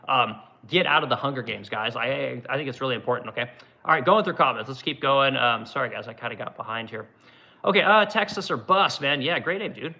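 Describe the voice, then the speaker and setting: Gravelly, profane middle-aged man ranting. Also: mid-range voice, sharp tone. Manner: angry, profane, repetitive "right?". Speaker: woodworking livestream host. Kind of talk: profane livestream rant. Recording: dull lo-fi sound.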